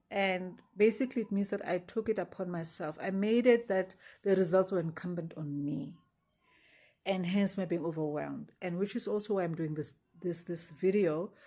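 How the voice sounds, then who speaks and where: A woman's voice: medium pitch, darkish tone. A woman talking through her faith in a casual diary-style vlog, earnest and rambling. She stops herself often and sounds anxious, close to panic. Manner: earnest, rambling, self-interrupting. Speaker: faith vlogger.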